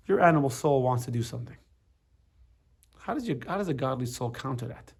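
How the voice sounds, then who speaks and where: Man, teacher, gravelly, mid pitch, conversational class, stumbling restarts. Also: lively intonation, brisk, long pauses. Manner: repeats and restarts words, playful asides. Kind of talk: casual Torah class.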